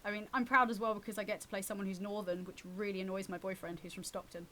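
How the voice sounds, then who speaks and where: Fast-talking, animated woman guest. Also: medium pitch, a little hiss or hum. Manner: quick, animated storyteller who acts out quotes. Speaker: actress and comic, guest. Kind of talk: casual radio interview chat.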